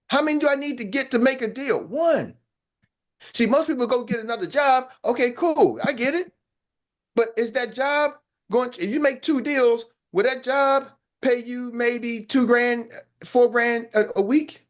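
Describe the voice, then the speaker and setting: A man's voice: extremely high pitch, normal speed. A man giving a motivational talk as a business coach, blunt and colloquial, repeating phrases for emphasis.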